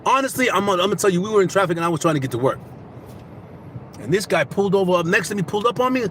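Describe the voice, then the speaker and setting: Male vlogger, preachy storyteller, a bit high-pitched, faint street noise behind. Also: very fast. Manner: animated storytelling, preachy and repetitive. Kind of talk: casual motivational monologue.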